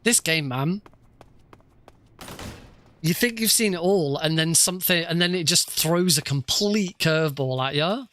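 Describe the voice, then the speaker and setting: A male streamer gives casual commentary on his own gameplay. His voice sits a little high and sounds bright. He jokes about his mistakes and laughs easily. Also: measured pace, pauses often. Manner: chatty, self-mocking, laughs often.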